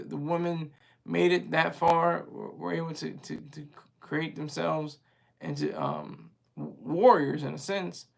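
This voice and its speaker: Reading his viewers' chat aloud, this livestream host rambles casually and laughs with ease. His male voice is on the high side with a creaky texture.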